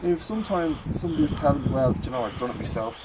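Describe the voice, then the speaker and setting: A man's voice: medium pitch, expressive, rapid-fire, heavy background noise. A man with a Dublin accent chatting casually and rambling through an outdoor car repair how-to. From North County Dublin, Ireland. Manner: chatty, rambling, self-deprecating, prone to sidetracks. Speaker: classic car hobbyist. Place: outdoors by a house in the cold.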